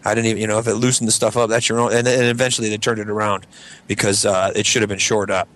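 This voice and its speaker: A man's voice: on the low side, flat delivery, fast, fairly bright tone. A young man telling a rambling, profane story on a casual group podcast, acting out the voices of the people in it. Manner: rambling, profane, acts out voices in his stories. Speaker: podcast co-host.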